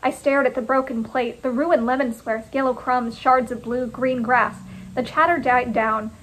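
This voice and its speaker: A woman author reading her own first-person short story in a clipped, deliberate delivery. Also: on the high side, steady tone, fairly bright tone, slight background noise, poor audio.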